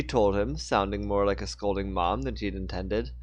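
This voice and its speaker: A man's voice: lowish voice, normal speed, few pauses. A man reading his own story aloud on a live stream, with casual asides and self-corrections. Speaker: author reading his book.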